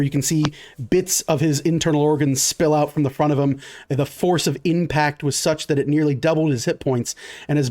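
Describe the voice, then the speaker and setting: A man's voice: fairly high pitch, darkish tone. A man running a tabletop game as dungeon master, narrating vividly with many fillers.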